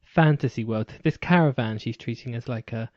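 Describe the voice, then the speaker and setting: A man's voice: medium pitch, normal speed, dry recording. A man hosting a casual podcast chat, laughing often and saying "like" a lot. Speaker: podcast host. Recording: dry, dull lo-fi podcast recording.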